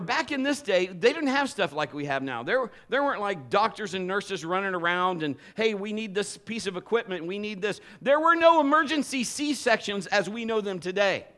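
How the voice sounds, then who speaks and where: A male pastor preaching a sermon and telling stories with humor and energy. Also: high voice. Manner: animated, humorous storytelling.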